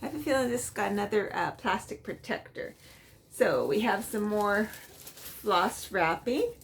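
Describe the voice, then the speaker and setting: A middle-aged woman chats through a cross-stitch vlog from her home. Her voice sits in an ordinary middle pitch but swings widely up and down as she talks. She rambles happily, sprinkling in ums and soft laughs. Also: lively intonation, unhurried, creaky, a little hiss or hum. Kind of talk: casual chatty show-and-tell.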